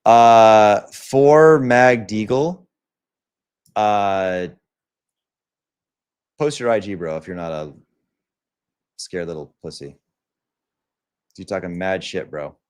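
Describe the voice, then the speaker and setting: A young man hosts his livestream in a casual rant, with a voice that sits a little on the low side. He talks bluntly and swears freely. He often breaks into quick impressions of other people's lines as he goes. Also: a little mellow, clean tone. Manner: blunt and profane, acts out quoted lines. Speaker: livestream host.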